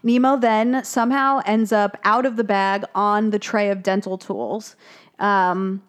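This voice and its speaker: A young woman co-hosting a podcast, chatting casually as she recaps a film, swearing freely and bursting into high voices for the characters' lines. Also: steady tone, measured pace. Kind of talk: casual chat.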